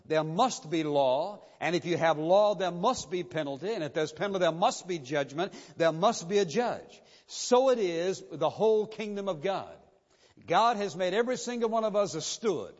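A man with a notably high voice delivers an insistent, emphatic sermon, hammering his points home with repetition. His words ring out through a church sanctuary with a long reverb tail. The recording itself is dull and muffled. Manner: emphatic, insistent preaching with repeated phrases. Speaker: pastor.

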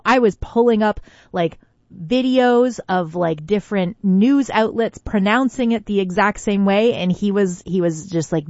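A woman's voice: medium pitch, unhurried, darkish tone, no echo, muffled recording. A woman leaving a casual voice memo, talking conversationally and emphatically with lots of "like". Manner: conversational, emphatic, filler-heavy.

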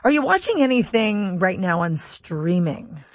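A woman's voice: mid-range voice, very animated, measured pace, no echo. Woman, radio host, casual wry chat, dry close mic, slightly muffled broadcast audio. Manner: chatty, wry, opinionated. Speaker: radio talk show host. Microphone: studio mic, dry.

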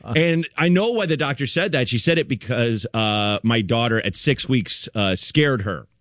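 A man's voice: mid-range voice, moderate pace, no room sound, studio quality. A middle-aged man telling a funny story about his baby daughter in a casual chat, laughing and acting out the other people in it. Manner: animated, acts out quoted voices, laughs often.

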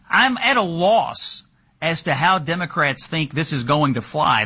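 Bright, husky sardonic male host. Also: on the high side. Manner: sardonic, punchy. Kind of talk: political talk show hosting.

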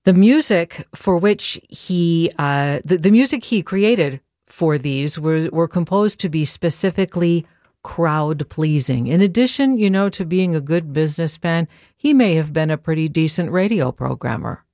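A woman's voice: deep voice, lively intonation, unhurried, mellow, no echo. A woman hosting a classical music radio show from a studio, chatting playfully and introducing the next piece. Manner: playful, chatty, laughs at own lines. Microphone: studio microphone.

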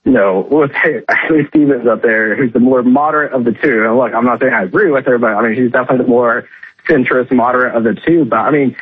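Male phone-in commentator, husky voice, tinny dry phone line, measured and filler-heavy. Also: mid-range voice, no room sound. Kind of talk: talk radio phone interview. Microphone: telephone.

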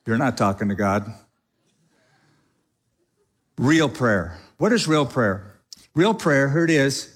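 A middle-aged man preaching a sermon to a congregation in a casual, animated way, now and then acting out other people's prayers. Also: mid-range voice, takes it slowly, long pauses. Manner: animated, conversational preaching with mock quoted prayers. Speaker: pastor. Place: church sanctuary before a congregation.

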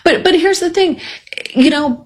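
A woman political commentator in casual chat, opinionated and animated with quick asides. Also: very high voice.

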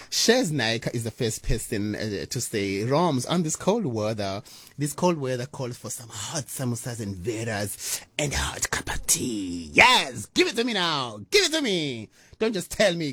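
Excitable radio host man. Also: dry recording. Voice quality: animated, laughs often, big swings in pitch. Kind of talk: lively radio chat reading listener messages.

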